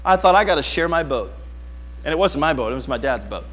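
A middle-aged male pastor with a fairly high voice, preaching in an animated storytelling way. He acts out his childhood self in the lines of the story, then moves into the scripture lesson. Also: fast. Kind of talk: sermon with personal story.

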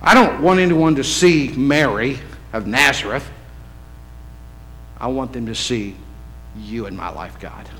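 A man preaching a sermon as pastor in his church, conversational, swinging from loud emphatic lines to hushed, low ones. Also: expressive, a little slow, long pauses, rough recording.

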